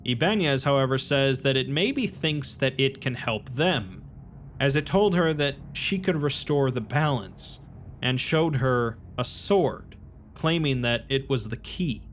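A man narrating a summary of a story in a measured, plain storytelling manner. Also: mid-range voice, expressive, fairly bright tone, a little hiss or hum.

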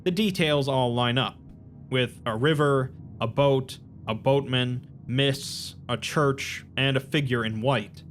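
Man, story recap narrator, measured delivery, faint background music. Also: mid-range voice.

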